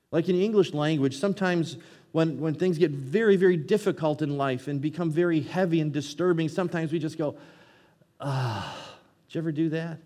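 Male pastor, slightly high voice, earnest sermon delivery, long hall reverb. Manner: earnest preaching, reads scripture aloud, swings between loud and hushed.

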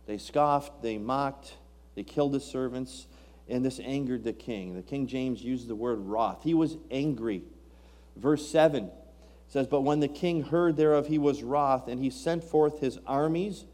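Mellow-voiced man preaching a sermon. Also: mid-range voice. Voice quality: King James scripture reading. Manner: preaching with rising emphasis and rhetorical questions.

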